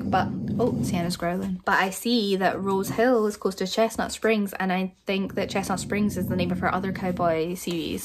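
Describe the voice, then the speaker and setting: A woman's voice: mid-range voice, background noise. Chatty woman on a book haul. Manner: chatty, self-deprecating, thinks aloud. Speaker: book vlogger. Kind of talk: casual book haul chat.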